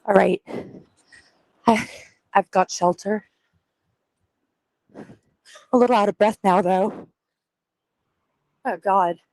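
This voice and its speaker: A woman's voice: mid-range voice, steady tone, takes it slowly, pauses often, darkish tone, no echo, poor audio. A woman calling in live from a rainy city street, self-conscious and hesitant, laughing nervously. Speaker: contestant on a live show. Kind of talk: live phone call from the street.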